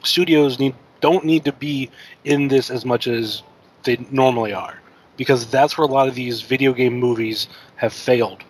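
A man's voice: medium pitch, fairly even intonation, normal speed, a little hiss or hum, rough recording. A man talking casually as a panelist on a movie podcast, dry and teasing.

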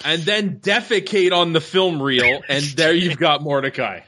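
A man leading a loose podcast chat, piling up profanity as he complains. His voice is bright and sits a little high. He talks in casual, exasperated bursts. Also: a little slow. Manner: profane, exasperated movie ranting.

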